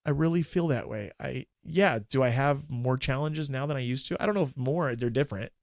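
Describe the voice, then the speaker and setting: A man in his forties, a minister and podcast guest, telling a candid, emotional personal story in a halting way with many restarts. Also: mid-range voice, creaky, darkish tone, no room sound, clean studio sound.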